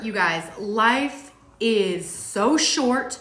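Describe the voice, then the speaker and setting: A somewhat high-pitched woman talks in an earnest, emphatic way, driving her points home with repetition and the odd curse. The sound is roomy, with echo off the walls around her. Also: lively intonation, very slow, hardly any pauses, fairly bright tone. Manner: emphatic, repetitive, swears casually. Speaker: co-host of a motivational talk show. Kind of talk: heartfelt motivational chat. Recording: echoey room.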